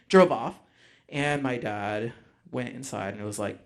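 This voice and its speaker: A man telling a personal story live on stage, animated, acting out voices, with frequent ums. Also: medium pitch, measured pace. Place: stage before a live audience.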